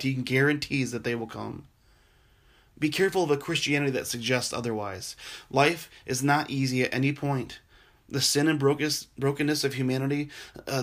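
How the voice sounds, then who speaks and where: A man preaching a sermon, earnest and gentle, sometimes dropping to a soft, quiet voice for tender passages. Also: medium pitch. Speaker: pastor.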